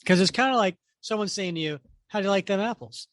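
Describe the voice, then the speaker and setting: A man co-hosting a podcast in casual chat, animated and argumentative, laughing often. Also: sits high, fast, no echo, clean studio sound. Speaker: podcast co-host.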